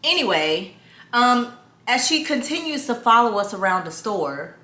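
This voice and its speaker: A woman's voice: a little high, unhurried. A young woman vlogging in casual chat, telling stories and talking straight to her viewers. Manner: animated storyteller, talks straight to viewers. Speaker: lifestyle vlogger. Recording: echoey room.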